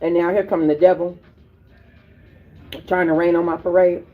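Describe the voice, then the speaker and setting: A woman host telling a personal story in casual, animated, profane slang. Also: fairly low pitch, normal speed. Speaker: podcast host. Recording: tinny phone-like audio.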